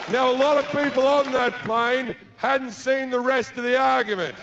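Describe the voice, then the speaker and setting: A man's voice: very high-pitched, moderate pace, crowd noise. A man with an Australian accent doing stand-up, telling a crude, profane story and acting out the people in it. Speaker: stand-up comedian. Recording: dull lo-fi live recording with noise.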